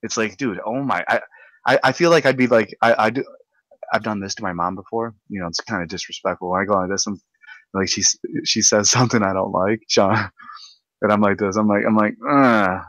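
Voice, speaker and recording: A young man with a lowish voice rants at length, tripping over his words and repeating himself as he gets worked up. The sound is very dry and close, with no room around it. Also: brisk, no echo, rough recording. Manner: rambling, excitable, repeats words. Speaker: podcast host. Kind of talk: ranting casual chat.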